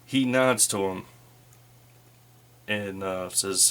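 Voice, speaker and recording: A man narrating a solo tabletop game as game master, in a relaxed, rambling way. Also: fairly low pitch, slow pace.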